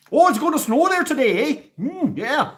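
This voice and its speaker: Guy doing a squeaky folksy midwestern dude, sing-song and chirpy, up way high. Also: fairly bright tone, exaggerated voice. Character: folksy chatty Midwestern man, shrill and cheery.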